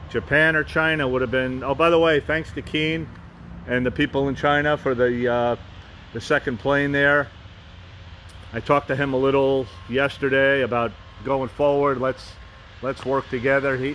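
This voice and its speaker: A man's voice: mid-range voice, a bit bright, slight background noise. A man live-streaming from a phone outdoors, rambling casually with frequent restarts and asides. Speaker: vlogger and fan group host.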